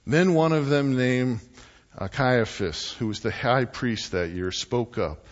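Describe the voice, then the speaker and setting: A man preaching a sermon, animated and deliberate, swinging between loud and hushed delivery. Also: mid-range voice. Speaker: pastor. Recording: muffled, echoey church hall.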